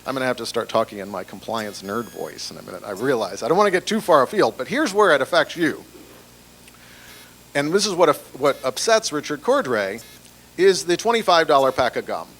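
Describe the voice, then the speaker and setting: A man's voice: mid-range voice, lively intonation, a little fast, a bit bright. A man giving a conference presentation on banking compliance in a chatty, conversational way, with fillers and restarts. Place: large breakfast event room.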